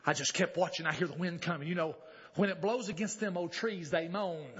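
A man preaching a revival sermon, telling a story and rising to shouted exclamations. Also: high voice, fairly quick, muffled recording.

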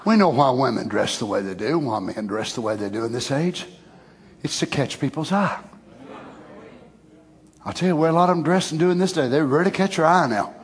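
A man's voice: medium pitch, expressive, brisk, pauses often. A middle-aged man preaching a sermon in a folksy, conversational way that swells into emphatic exclamations. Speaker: pastor.

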